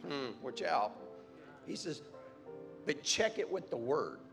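A man's voice: fairly high pitch, very animated, slow pace, gravelly, fairly bright tone, faint music behind. A man preaching a sermon, repeating phrases emphatically and building to fervent cries. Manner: preaching with rising fervor, repetitive emphatic phrasing.

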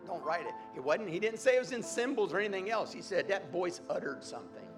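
A man's voice: high-pitched, sing-song, fast, over music. A man preaching a sermon, repeating phrases emphatically and building to fervent cries. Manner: preaching with rising fervor, repetitive emphatic phrasing.

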